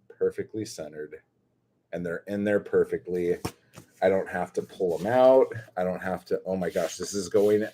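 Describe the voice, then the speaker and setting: A man unboxing a new stapler in a casual vlog, excitable and gushing, often breaking into exclamations. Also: low-pitched, breathy edge. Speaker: poet and chapbook maker.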